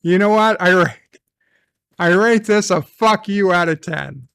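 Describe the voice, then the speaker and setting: A man's voice: high voice, measured pace, gravelly, fairly bright tone, smooth, no echo, studio quality. A man ranting in an angry review, swearing constantly and venting his frustration.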